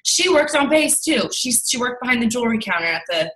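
A woman's voice: fairly high pitch, big pitch swings, brisk, a bit bright, distant mic, rough recording. A young woman leading a sales team gives a chatty, candid motivational talk, telling stories and acting out dialogue. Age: young adult. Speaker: network marketing team leader.

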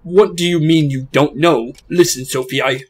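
Guy with a husky voice, bit higher pitched, reading dad lines soft and hesitant. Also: moderate pace. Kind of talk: reading game dialogue aloud.

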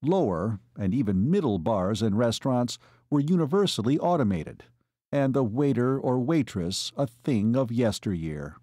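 A man narrating a novel as an audiobook, telling the story in a measured way. His pitch sits in a middle range with lively movement. The recording is close and dry. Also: no echo. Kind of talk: scripted narration.

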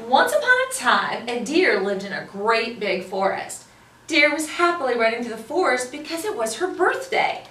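A woman hosting a children's library storytime, reading picture books aloud in an animated, sing-song, encouraging way. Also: a little high, moderate pace. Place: library room. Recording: roomy, voice from a distance.

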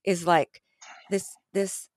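A woman's voice: fairly low pitch, little pitch movement, slow pace, no echo, studio quality. A woman hosting a podcast, talking reflectively and earnestly with her guest, often restarting her sentences. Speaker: podcast host. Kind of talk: conversational podcast interview.

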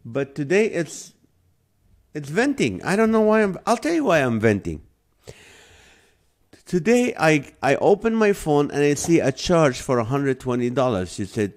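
A man's voice: on the high side, unhurried. A man hosting a live show, chatting casually and venting in a rambling, comic way. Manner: rambling, venting, animated when annoyed. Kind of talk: casual comedic monologue.

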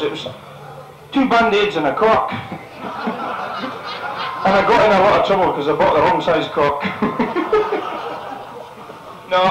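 A man from the northeast coast, a concert compere telling cheeky jokes and laughing at his own lines. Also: high voice. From northeast coast of Scotland. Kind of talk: stand-up joke telling at a live concert. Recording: echoey hall with loud crowd. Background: audience laughter.

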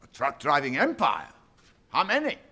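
An actor playing a scornful older family patriarch in film dialogue, with a gravelly, husky voice. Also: male voice, on the high side, huge pitch swings, normal speed, bright, forceful tone, full character voice.

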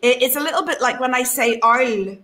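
A woman with a Northern Irish accent hosts a live ministry show, with a high, bright voice. She moves from quick, laughing chat to emphatic preaching. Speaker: host, preacher.

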